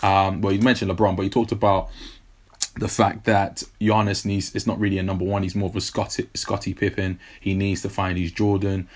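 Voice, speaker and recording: A man with a South London accent co-hosting a casual sports podcast, chatty and quick to laugh, full of "you know what I mean". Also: sits low, level tone, a little mellow. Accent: South London English. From England. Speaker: podcast co-host.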